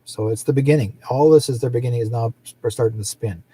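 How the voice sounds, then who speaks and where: A middle-aged man rambles on casually as the host of a psychic livestream, his voice husky and dark. He drifts from story to story and laughs often. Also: medium pitch, fast. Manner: rambling, chatty, laughs often, acts out quoted people.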